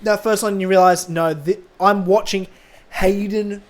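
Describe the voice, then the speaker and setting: High-voiced excitable podcast man. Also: moderate pace. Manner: excitable, gushing, many restarts. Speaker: podcast co-host. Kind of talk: casual fan review chat.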